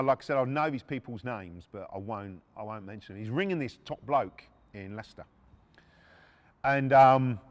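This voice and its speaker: A man's voice: high-pitched, long reverb tail. A middle-aged man hosting a podcast, telling a true story in a blunt, casual way, swearing freely and often restarting his sentences. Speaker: podcast host.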